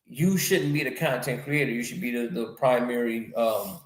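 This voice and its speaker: A man hosting a casual podcast talk, animated and slangy, often repeating his phrases. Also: mid-range voice, normal speed. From North America. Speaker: podcast host. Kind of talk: casual conversation. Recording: echoey room.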